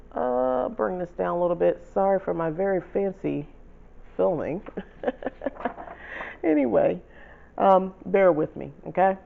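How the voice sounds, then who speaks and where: A man hosting his own channel, casually walking viewers through rewriting a spell, chatty and self-correcting, reading spell lines out slowly. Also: fairly high pitch, creaky, muffled recording. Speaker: channel host teaching spell writing. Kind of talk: casual how-to explanation.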